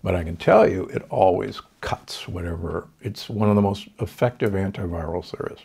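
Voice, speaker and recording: Gravelly older man explaining health advice. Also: deep voice, moderate pace, dark tone. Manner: confident, explanatory, with fillers. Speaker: doctor, podcast host.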